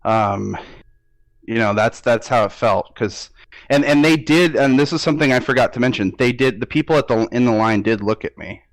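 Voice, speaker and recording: A man recounting a dream in an interview, halting and hesitant with many restarts, close to tears at times. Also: medium pitch, dry recording. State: near tears, emotional. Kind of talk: emotional interview recollection.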